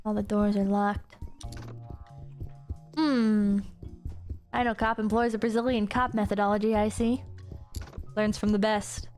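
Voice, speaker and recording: A woman streaming a game, chatting casually with her viewers and bursting into excited squeals and laughter. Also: mid-range voice, unhurried, long pauses, faint music behind. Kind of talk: casual gameplay commentary.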